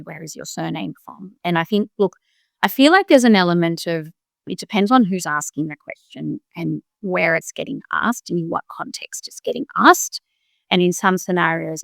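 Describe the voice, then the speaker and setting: A middle-aged woman answers interview questions, thinking aloud in short, halting phrases. Her low voice carries heavy vocal fry. The sound is dry and close, with no room around it. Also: dry recording. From Australia. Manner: reflective, speaks in short restarting phrases. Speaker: guest, doctor. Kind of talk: interview conversation.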